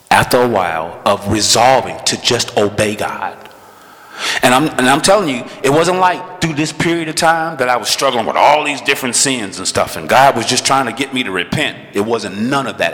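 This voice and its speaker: A man preaching with a bright, forceful tone, talking conversationally and acting out the voices of people he quotes. His voice rings with a long reverb from a large hall. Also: medium pitch. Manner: conversational, animated, acts out quotes. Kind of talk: sermon with personal testimony.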